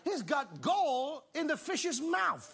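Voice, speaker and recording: A man preaching an exuberant sermon, often shouting and laughing, calling on the congregation to respond. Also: extremely high pitch, big pitch swings, slow, gravelly.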